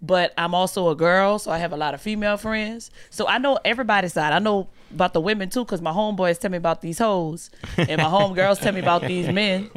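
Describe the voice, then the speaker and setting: A woman's voice: lowish voice, fast. A woman who is a comedy guest on a podcast, talking in loose slang and laughing often. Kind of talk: casual podcast chat.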